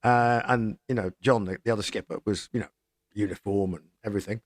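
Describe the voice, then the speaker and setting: A middle-aged man, a rock singer and pilot, telling a lively anecdote in casual chat. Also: fairly low pitch, fairly quick, no echo, studio quality. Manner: animated anecdote, lively quoted voices. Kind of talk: casual storytelling.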